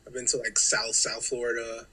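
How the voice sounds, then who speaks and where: A man's voice: medium pitch, completely flat delivery, moderate pace, bright, forceful tone, slightly rough, low-quality recording. A man from New York co-hosting a podcast over a call, laid-back and hesitant in his speech. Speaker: podcast co-host. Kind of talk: casual chat. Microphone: remote call mic.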